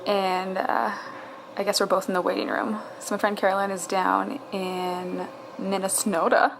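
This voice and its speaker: A woman's voice: mid-range voice, flat delivery, normal speed, vocal fry, noisy background. A woman vlogging casually, talking to herself and her viewers, exasperated and swearing as she tries to register online. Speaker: fitness vlogger. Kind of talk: casual vlog commentary.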